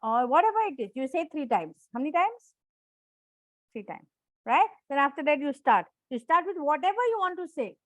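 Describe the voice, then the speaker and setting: A woman's voice: high-pitched, big pitch swings, a little fast, a bit bright, no echo. A woman coach leading a live online class on self-management, encouraging and repetitive, often checking in with questions to her students.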